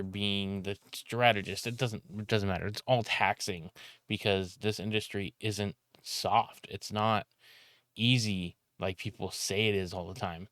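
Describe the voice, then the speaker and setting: A young man ranting casually to camera about content creation, talking loudly with frequent restarts and some swearing. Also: low voice, clear, resonant tone, dry recording, clean studio sound. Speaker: content creator and video editor. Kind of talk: casual vlog rant.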